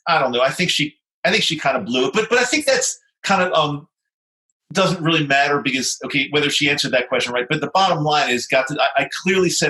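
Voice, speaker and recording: A male dentist co-hosting a podcast, playful and quick to defend himself. His voice is bright and a touch high. He talks with lively swings in pitch. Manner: animated, self-defending, playful. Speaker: dentist co-host. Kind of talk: casual podcast chat.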